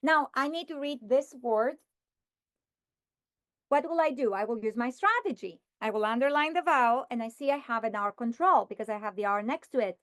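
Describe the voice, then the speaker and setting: High-voiced woman modeling phonics. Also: animated, a bit bright, no echo, studio quality. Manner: slow, deliberate sounding-out of words. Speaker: teacher trainer. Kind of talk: modeling a phonics lesson for teachers.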